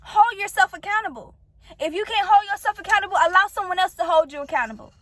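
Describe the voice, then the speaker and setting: A woman with a very high voice gives an earnest, preachy motivational talk about faith to her viewers. The sound is dry and close. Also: fast, a bit bright, dry recording. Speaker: vlogger giving encouragement.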